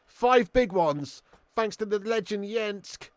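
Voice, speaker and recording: A man hosting a live football watch-along stream, chatting with viewers, swearing and getting excitable. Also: high-pitched, slow pace, no echo.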